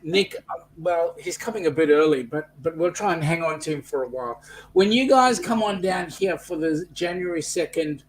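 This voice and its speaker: A man's voice: fairly high pitch, normal speed, a little hiss or hum, low-quality recording. An Australian man chatting breezily and chummily in a casual group video chat.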